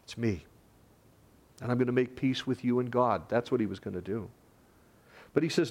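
A male pastor preaching with dramatic swings, climbing high and loud when he quotes, then falling to a hushed murmur. His voice sits at a middling pitch for a man. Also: normal speed, long pauses. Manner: animated preaching, rising in pitch for quoted lines and dropping to hushed tones. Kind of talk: sermon.

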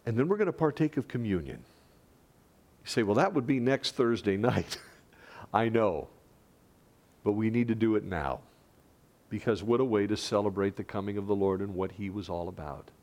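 A man preaching a sermon as a pastor, lively, rising loud for quoted lines and dropping to hushed tones. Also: fairly low pitch, normal speed, pauses often.

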